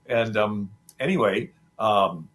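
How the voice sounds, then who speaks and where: A man with a fairly low voice tells a history tale in a casual, rambling way, full of fillers and restarts. He livens up the telling by acting out what each person says. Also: takes it slowly. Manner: animated, acts out the quoted figures' lines. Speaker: show host.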